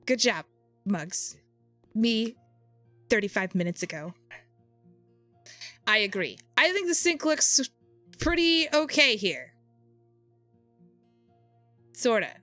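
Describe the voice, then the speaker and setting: Woman streamer, lively and exasperated, dry close mic. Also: fairly high pitch, slow, long pauses, dry recording, faint music behind. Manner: exasperated, thinking aloud, answering chat. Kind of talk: casual live-stream chat while playing.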